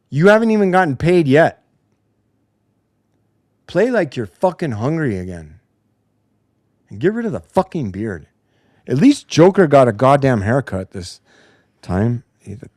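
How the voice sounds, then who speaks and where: A man's voice: fairly high pitch, lively intonation, moderate pace, long pauses, a little mellow, no room sound, studio quality. A man hosting a post-game basketball show, ranting in a heated, profane way. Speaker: podcast host. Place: home basement studio.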